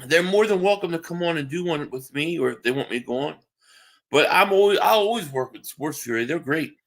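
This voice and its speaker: A man's voice: on the high side, lively intonation, fairly quick, a bit bright. A man hosting a live stream, chatting casually and answering viewers' comments while tired from just waking up. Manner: reads chat aloud and answers viewers, with restarts.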